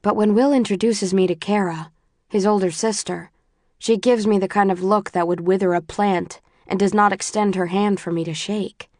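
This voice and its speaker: A woman narrating a novel in the first person, with steady, even storytelling. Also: mid-range voice, normal speed, no echo, clean studio sound. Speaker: audiobook narrator.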